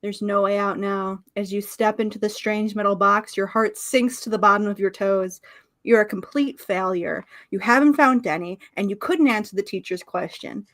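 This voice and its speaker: A woman's voice: mid-range voice, moderate pace, fairly bright tone. A woman in casual chat who reads aloud from a book and playfully mimics voices.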